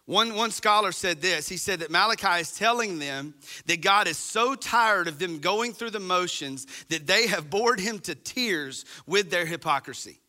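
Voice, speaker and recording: Pastor, male, high and very bright voice, chatty sermon delivery to the congregation. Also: lively intonation, moderate pace. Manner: conversational preaching, speaks straight to the congregation.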